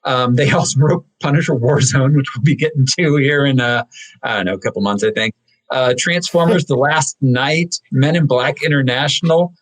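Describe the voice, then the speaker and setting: A man's voice: mid-range voice, normal speed, low-quality recording. A man co-hosting a film podcast, chatting casually as he goes through credits with fillers and small laughs. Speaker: podcast co-host.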